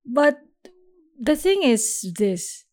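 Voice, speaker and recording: A young woman hosting a solo podcast, talking through her thoughts in a reflective, unhurried way with small restarts. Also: high voice, big pitch swings, darkish tone. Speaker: podcast host.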